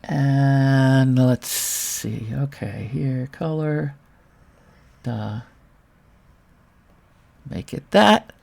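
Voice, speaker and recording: A woman's voice: deep voice, vocal fry, darkish tone. A woman from Brooklyn giving a casual screen-share tutorial on 3D modeling, thinking aloud with wry, self-mocking asides. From Brooklyn, New York.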